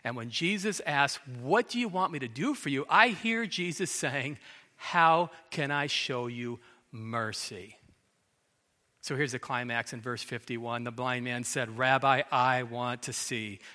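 A man's voice: medium pitch, lively intonation, moderate pace, hardly any pauses, sharp tone. A middle-aged man preaching a sermon, telling the story dramatically and acting out the quoted lines. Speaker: pastor. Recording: long hall reverb.

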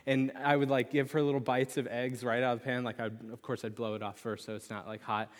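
A young man preaching a sermon, telling a lively personal story with animated pitch swings before turning to scripture. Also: fast talker. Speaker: pastor. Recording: long reverb of a large hall.

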